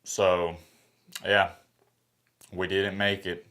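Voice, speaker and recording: Low-voiced dejected man, close to tears. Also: fairly even intonation, fairly bright tone. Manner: dejected, sighing, halting and repetitive. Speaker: sports YouTuber. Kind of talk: emotional reaction vlog.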